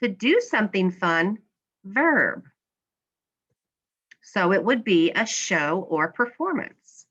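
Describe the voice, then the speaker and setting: A woman's voice: medium pitch, sing-song, slow pace, pauses often, a bit bright, slightly rough, muffled recording. A woman teacher giving a classroom slideshow lesson, patiently asking questions and then answering them herself.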